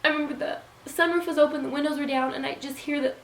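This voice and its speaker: Earnest woman vlogger, soft and echoey. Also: sits high, fairly even intonation, fast, slight background noise. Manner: earnest, soft-spoken, with frequent ums and likes. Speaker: beauty vlogger. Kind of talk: heartfelt personal vlog.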